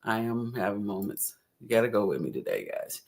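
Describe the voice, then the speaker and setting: A woman's voice: very deep voice, big pitch swings, brisk, gravelly, few pauses, a little mellow, a little hiss or hum. A woman hosting a casual crypto livestream, chatty and rambling, often giggling.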